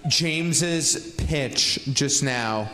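A man hosting a live dating show, drawing out his questions to the contestants. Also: medium pitch. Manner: lively, drawn-out questions to contestants. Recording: echoey stage with faint noise.

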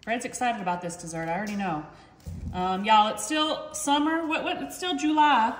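A woman's voice: on the high side, normal speed. A woman hosting a casual cooking demo in a home kitchen, chatting to viewers and calling them y'all. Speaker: cooking channel host. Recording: echoey kitchen with faint noise.

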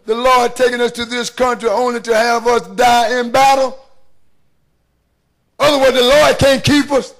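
A middle-aged man, preaching a sermon in a church, moving between hushed asides and rising calls to the congregation. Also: extremely high pitch, little pitch movement, moderate pace. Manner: preaching with call-and-response rhythm, shifting between hushed and rising. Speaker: pastor. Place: church sanctuary.

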